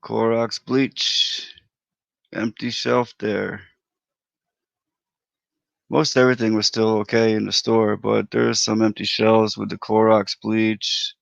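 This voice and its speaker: Male livestream host, relaxed and chatty, heavy fry in a lowish voice, dry close sound. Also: measured pace, no echo. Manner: laid-back, chatty, greets viewers by name. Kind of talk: casual livestream chat. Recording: dry, dull lo-fi audio.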